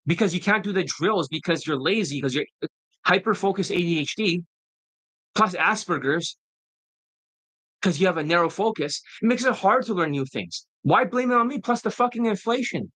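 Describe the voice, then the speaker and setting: A man's voice: high-pitched, expressive, moderate pace, pushed and bright, dry recording, low-quality recording. A man who works as a dating coach, giving a profane, combative and mocking monologue in a casual style.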